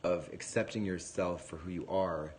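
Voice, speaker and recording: Lowish-voiced guy on a livestream, rambling animated storytelling, swears a lot, faint background noise. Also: moderate pace. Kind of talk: casual livestream chat.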